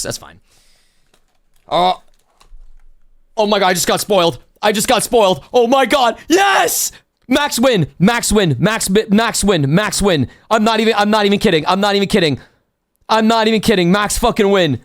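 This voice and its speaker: A young man live-streaming a haul and unboxing, chatting excitedly with his viewers. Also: high-pitched. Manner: excitable, talks to chat.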